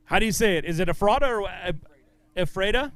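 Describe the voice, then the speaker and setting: A man with a high, clear, smooth voice calls out anglers and their weights at a tournament weigh-in. He sounds upbeat and encouraging, trading quick banter with each angler on stage. The sound is close and dry. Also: a bit bright, no echo. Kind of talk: live weigh-in announcing.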